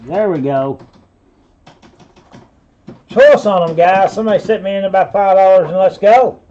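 A man's voice: high voice, normal speed, dark tone, dull audio. A man hosting a live online auction, calling bids over and over with folksy asides. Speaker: auctioneer and host.

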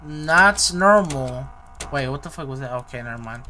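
A man's voice: mid-range voice, expressive, moderate pace, sharp tone, a little hiss or hum. A young man giving rambling, slang-heavy running commentary as he plays a horror game. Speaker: gaming youtuber.

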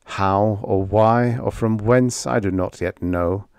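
Narrator doing a crippled, anguished starship captain, grim and intense, slow and low. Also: male voice, vocal fry, a little mellow, clear, resonant tone, no room sound, clean studio sound. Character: wounded male space captain, anguished, grim.

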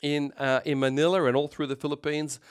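A middle-aged male pastor giving a sermon in an animated preaching manner, acting out voices and calling out loud. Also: a little high, a little fast.

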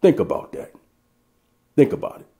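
A man's voice: moderate pace, warm tone. A man reading scripture aloud and preaching to an audience of brothers, stopping often to drive his points home. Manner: reads verses aloud, then breaks in to address brothers. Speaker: Bible teacher.

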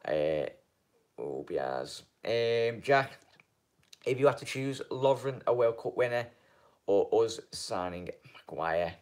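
A man's voice: medium pitch, animated. A man hosting a fan channel live stream, chatting casually and rambling through viewers' comments with lots of ums and "mate". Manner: rambling and halting, many ums, keeps calling viewers mate.

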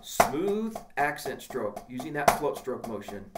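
A man's voice: mid-range voice, very animated, a little slow, very noisy. A man teaching a drum lesson, coaching emphatically and counting out patterns as he demonstrates. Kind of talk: instructional lesson.

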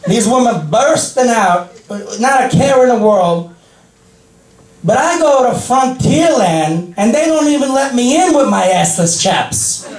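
A man's voice: extremely high pitch, lively intonation, a little slow. A man with a Long Island accent doing a crude, self-mocking stand-up set in a comedy club. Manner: brash, crude punchlines with self-mocking asides. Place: comedy club with a live audience. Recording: roomy club sound from a distant mic with loud crowd.

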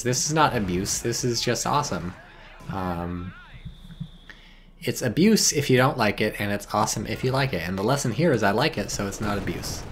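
A male game streamer with a lowish voice gives loose, rambling commentary over a match. He is profane and sardonic, drifts between asides and reads viewers' chat messages aloud. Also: a bit bright, slight background noise. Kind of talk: casual live-stream commentary.

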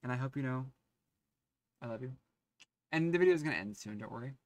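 A young man talking to his camera at home in a casual confessional vlog, candid, profane and self-mocking, swinging between loud outbursts and quiet murmurs. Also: medium pitch, lively intonation, fast, no echo. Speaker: vlogger and streamer.

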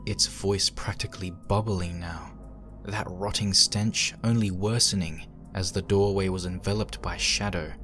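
Low male horror reader, hushed, faint music underneath. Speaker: fanfic reader. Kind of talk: dramatic horror narration.

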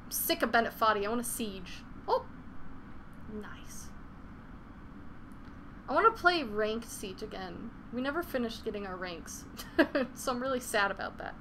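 A woman's voice: on the high side, lively intonation, measured pace, long pauses, sharp tone, slight background noise. A young woman chatting casually on a live gaming stream, swearing freely and venting frustration between laughs. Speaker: game streamer.

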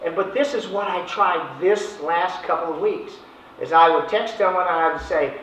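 A man's voice: sits high, normal speed, fairly bright tone, a little hiss or hum. Folksy male sales trainer, casual delivery, dull lo-fi room sound. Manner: folksy, conversational, acts out phone chats. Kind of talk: informal training talk. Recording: echoey, distant, dull room recording.

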